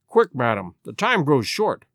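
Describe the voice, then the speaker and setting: Firm, measured Victorian detective with a lively delivery, voiced by a male narrator. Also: medium pitch, dry recording, studio quality, full character voice. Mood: urgent. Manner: firm, measured, brisk when urgent. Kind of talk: audiobook reading.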